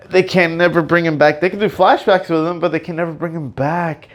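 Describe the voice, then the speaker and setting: Guy rambling on his own podcast, excitable, lots of uhs, kinda high voice. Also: quick pace, few pauses. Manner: excitable, rambling, full of fillers and restarts, emotional outbursts. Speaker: podcast host. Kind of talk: casual solo podcast rambling.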